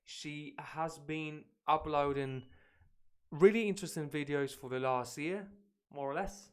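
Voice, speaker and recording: A man's voice: a little high, unhurried, clean tone. A man who speaks Spanish natively, teaching English on a livestream in a chatty, blunt way and swearing now and then. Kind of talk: casual livestream lesson.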